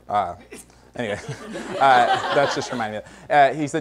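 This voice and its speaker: A man's voice: medium pitch, normal speed, a little hiss or hum. A man hosting a variety show, doing a comedic news monologue in a studio and laughing between jokes. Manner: joking, laughs between lines. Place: studio with a live audience.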